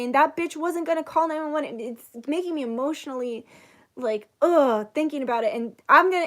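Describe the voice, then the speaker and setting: A young woman in her twenties casually telling a story to her channel, swearing freely and acting out what people said. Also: sits high. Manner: animated, swears freely, acts out quotes. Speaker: channel host, psychic reader.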